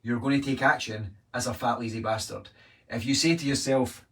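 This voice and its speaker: A man's voice: medium pitch, moderate pace. Scottish coach guy, punchy and sweary, mid voice, sounds a bit far from the mic. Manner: blunt, energetic, swears freely. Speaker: weight-loss coach. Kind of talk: live-streamed coaching talk.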